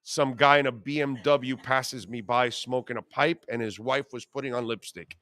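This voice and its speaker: A man's voice: mid-range voice, fairly even intonation, normal speed, sharp tone, no echo. A man in his fifties hosting a sports radio show, telling brash, profane stories in a casual way.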